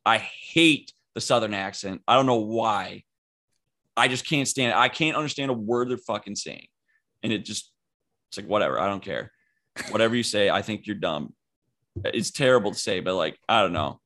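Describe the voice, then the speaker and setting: A man's voice: lowish voice, lively intonation, moderate pace, bright, forceful tone. A young man co-hosting a podcast, chatting casually and giving blunt, rambling opinions. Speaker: podcast co-host. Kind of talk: casual chat.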